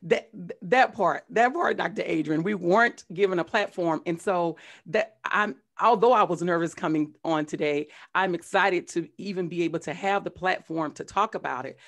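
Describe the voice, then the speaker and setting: A woman's voice: fairly low pitch, moderate pace, vocal fry, hardly any pauses. A woman hosting a casual conversation, telling stories animatedly with frequent restarts and repeated words. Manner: animated storytelling with frequent restarts and acted quotes. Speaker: host.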